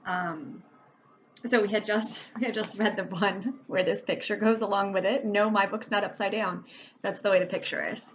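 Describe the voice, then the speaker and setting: A woman's voice: mid-range voice, steady tone, normal speed. A woman reading a chapter book aloud to children, playful, laughing now and then and doing character voices. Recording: dull lo-fi with faint noise.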